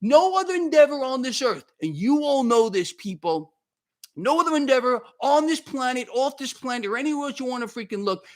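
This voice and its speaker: A man's voice: extremely high pitch, expressive, fairly quick. A man hosting a livestream, ranting in a heated, worked-up way, repeating himself and thanking viewers by name. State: worked up and sweating. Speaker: market commentary livestream host.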